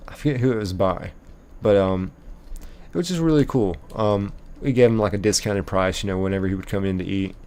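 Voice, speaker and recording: A man's voice: fairly low pitch, fairly quick, a little mellow. A young man hosting a live stream, chatting loosely and reading out viewer messages with lots of fillers. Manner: loose and rambling, many fillers. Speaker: livestream host.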